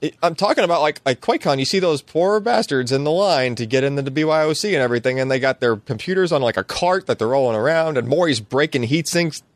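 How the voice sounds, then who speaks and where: A man's voice: fairly high pitch, no room sound. Guy cohosting a tech podcast, gets worked up, keeps cutting in, dry sound. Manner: excitable, talks over others, quick restarts. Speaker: podcast host. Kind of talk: casual tech chat.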